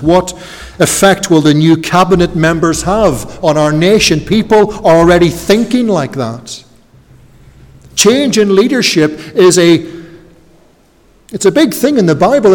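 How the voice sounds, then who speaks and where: Earnest male preacher in a reverberant hall. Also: sits high. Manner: earnest, repeats phrases for emphasis. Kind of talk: expository sermon.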